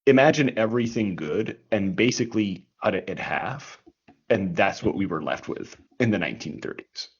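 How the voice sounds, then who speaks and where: A man's voice: fairly low pitch, lively intonation, normal speed, breathy edge. A man co-hosting a history podcast, explaining in casual chat, restarting often and tagging his points with "right?". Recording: dull lo-fi recording.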